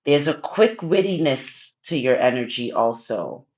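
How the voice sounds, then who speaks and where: A woman's voice: very deep voice, expressive, unhurried, darkish tone, highs cut off. A woman hosting a casual livestream, reading viewer comments and giving card readings in a teasing, coaxing, playfully pushy way.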